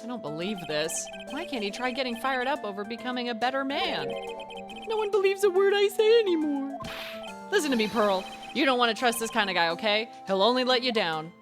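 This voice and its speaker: A woman voicing an earnest young male lawyer, speaking lower and measured over game music. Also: animated, natural voice. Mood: exasperated. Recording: game music playing behind.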